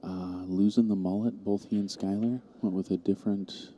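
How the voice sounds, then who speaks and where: A deep male voice with a very dark, mellow tone, calling a pool match in an easy, steady way and talking through how he would play each shot. Faint background noise runs under everything. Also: normal speed. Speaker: pool stream commentator. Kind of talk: casual live commentary.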